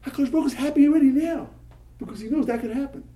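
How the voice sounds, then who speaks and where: Racing along in a very high-pitched voice, a male rabbi tells stories in an animated talk to yeshiva students, blending Hebrew and Yiddish into English and repeating words in excitement. The low-quality recording has slight background noise.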